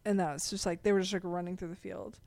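A young woman co-hosting a podcast, retelling a movie plot in casual chat, halting and restarting her sentences. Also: lowish voice, steady tone, vocal fry, darkish tone, no room sound. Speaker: podcast co-host.

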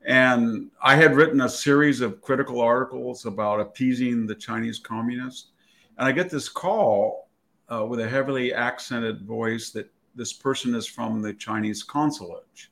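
A man in his late sixties telling a story in a rambling, self-correcting way. His voice has a gravelly, creaky texture at an ordinary pitch. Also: normal speed, a bit bright. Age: 60s. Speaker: guest commentator. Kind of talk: storytelling in conversation.

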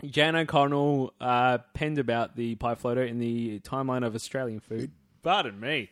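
A man's voice: medium pitch, moderate pace, no room sound, studio quality. Joking male podcast co-host reading notes. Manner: joking, reads facts between banter. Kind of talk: casual chat reading history notes.

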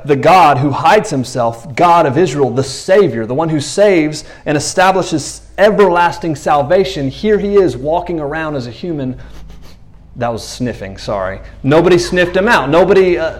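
A man with a fairly high voice preaches a sermon in a conversational, animated style, acting out the voices of the people in his stories.

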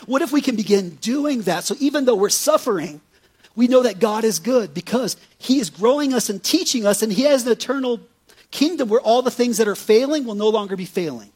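Husky high-voiced male preacher. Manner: conversational, animated preaching with frequent "right?" asides. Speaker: pastor. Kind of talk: sermon.

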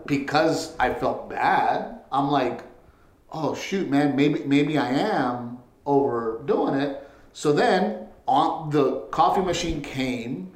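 A man's voice: fairly high pitch, expressive, slow pace, echoey room. A man co-hosting a podcast in casual chat, telling stories with lots of laughter and swearing, in a home studio. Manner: laughing storyteller, swears freely. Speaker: podcast co-host.

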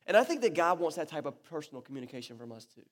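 A man's voice: a little high, very fast. A man preaching a sermon to his church, talking casually and with animation, often restarting his sentences. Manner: conversational and animated, with many restarts. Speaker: pastor. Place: church hall. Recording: echoey church hall.

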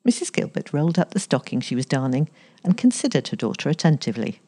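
Brief: female story reader, low pitch, animated lively intonation. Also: fast talker, husky. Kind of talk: reading a story aloud.

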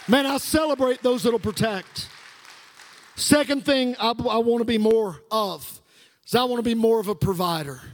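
A man's voice: extremely high pitch, moderate pace. A middle-aged male pastor delivering a sermon with fervent call-and-response preaching in a church sanctuary. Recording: long reverb of a large hall.

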